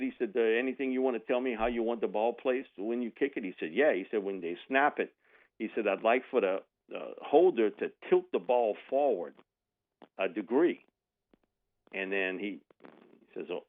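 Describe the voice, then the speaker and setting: A man, telling a sports story on the radio and acting out the people in it. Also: on the low side. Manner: animated, mimics voices in anecdotes with laughs. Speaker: radio guest. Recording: tinny phone line.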